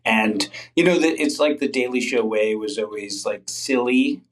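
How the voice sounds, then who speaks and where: A man's voice: mid-range voice, moderate pace, poor audio. A middle-aged male comedian, a guest in a candid interview, telling stories in a rambling way with lots of fillers and restarts.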